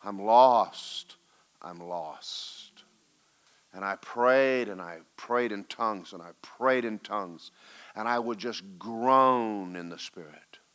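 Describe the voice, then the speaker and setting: Male pastor, lowish bright voice, storytelling sermon, loud urgent peaks dropping to hushed asides. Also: measured pace, smooth. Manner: swings from loud urgent exhortation to hushed recounting.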